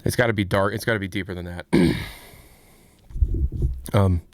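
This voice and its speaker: A streamer with a low-pitched voice chats casually on a livestream at moderate pace, with no room sound. Lively and joking, he banters with his chat and tries out impressions.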